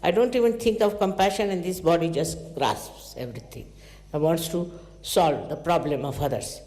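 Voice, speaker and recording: Animated woman teaching in an echoey hall. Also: moderate pace. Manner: animated storytelling with sudden pitch jumps. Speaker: spiritual teacher. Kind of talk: spiritual talk to followers.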